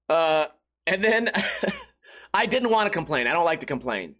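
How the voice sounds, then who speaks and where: Male podcast host, a bit high-pitched, loose profane storyteller who mocks himself. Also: big pitch swings, a little fast, long pauses, a bit bright. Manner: rambling, profane, self-mocking. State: sweating in a hot room. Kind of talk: casual storytelling monologue.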